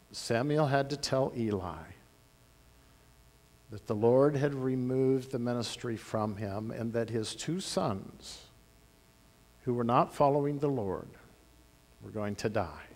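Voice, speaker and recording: A man pastor telling a Bible story to children in a church, animated, with big swings in loudness. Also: medium pitch. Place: church sanctuary. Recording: long church-hall reverb.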